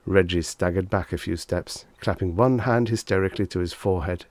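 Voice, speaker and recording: Man, audiobook narrator, deep voice, steady storytelling, dry close recording. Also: fairly quick, no echo. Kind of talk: vintage short story reading.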